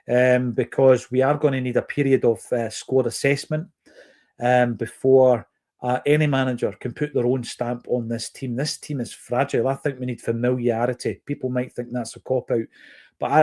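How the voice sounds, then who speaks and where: A man's voice: mid-range voice, darkish tone. A man from Fife with a Scottish accent, hosting a football podcast and answering listener comments in an earnest, opinionated way. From Fife, Scotland. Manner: earnest, opinionated, measured with fillers.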